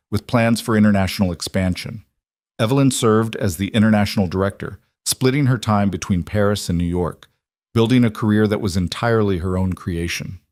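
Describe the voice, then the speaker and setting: A man narrating a drama story in scripted, even, measured storytelling. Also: lowish voice, dry recording, clean studio sound.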